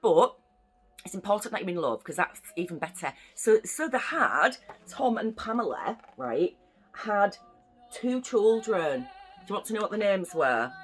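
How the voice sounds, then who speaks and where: A young woman from the UK reads a children's bedtime story in a chatty, playful way, breaking off for asides to her young listeners. Her delivery is very animated, with wide swings in pitch. Faint music plays softly behind her. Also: unhurried, husky. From United Kingdom.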